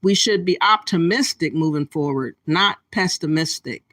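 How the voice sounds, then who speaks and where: A man's voice: on the high side, moderate pace, sharp tone, dry recording. A man giving casual commentary, earnest and emphatic with some hesitations. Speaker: commentary co-host.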